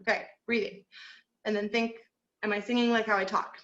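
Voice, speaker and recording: A woman's voice: mid-range voice, flat delivery, brisk, fairly bright tone, reverberant, highs cut off. A woman teaching an online group singing lesson, encouraging her students and counting through number drills. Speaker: vocal teacher.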